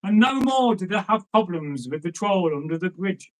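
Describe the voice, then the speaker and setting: Guy rambling through an old folk tale, lots of um and you know, higher voice. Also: expressive, normal speed, low-quality recording. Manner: rambling, chatty asides, lots of fillers. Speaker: storyteller. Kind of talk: casual folk tale telling.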